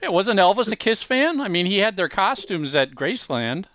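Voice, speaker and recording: A man's voice: sits high, very animated, normal speed, a bit bright. A male co-host chiming in eagerly during a casual chat.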